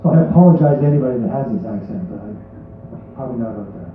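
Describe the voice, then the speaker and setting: Man, poet at a live reading, halting filler-heavy asides, far from the mic, heavy echo. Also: mid-range voice, lively intonation, a little hiss or hum. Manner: halting asides full of fillers between poems. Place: bar venue at a live reading. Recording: very echoey, distant, phone-like sound.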